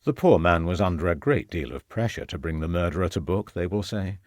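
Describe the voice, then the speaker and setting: A man's voice: sits low, lively intonation, fairly quick, no echo, studio quality, voice pushed down. A man voicing a scheming murderous villain who talks in a sneering, gloating way.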